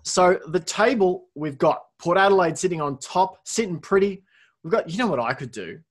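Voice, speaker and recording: A man's voice: high-pitched, expressive, normal speed. A man hosting a casual sports podcast, reading out scores with wry asides. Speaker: podcast host.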